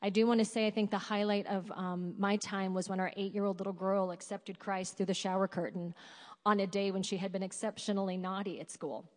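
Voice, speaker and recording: A woman's voice: mid-range voice, level tone, a little fast. A woman, a former foster parent, speaking earnestly on a panel before an audience. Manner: earnest, heartfelt. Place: large hall with an audience. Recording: hall reverb.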